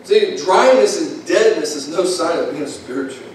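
A man's voice: on the high side, lively intonation, moderate pace. A man preaching a sermon as pastor, folksy and plain-spoken, building into impassioned, repetitive calls. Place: church sanctuary. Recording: echoey room from far off, faint hiss.

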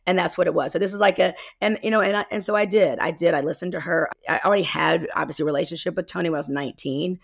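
A woman's voice: lowish voice, rapid-fire, creaky, hardly any pauses, dry recording, studio quality. A woman in her fifties from South Carolina with a Southern accent, talking candidly and rambling a little as a guest over a video call. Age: 50s. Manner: candid, rambling, self-correcting. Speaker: guest, embodiment coach. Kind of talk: casual interview.

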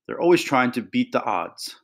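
A man's voice: mid-range voice, sing-song, moderate pace, fairly bright tone. A man voicing a sly, teasing male talking cat with a dry, purring manner.

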